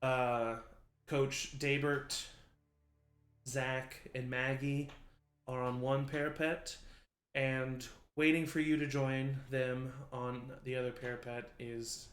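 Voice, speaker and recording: A man's voice: mid-range voice, flat delivery, slow pace, reverberant. A man narrating as game master in a casual, filler-heavy way.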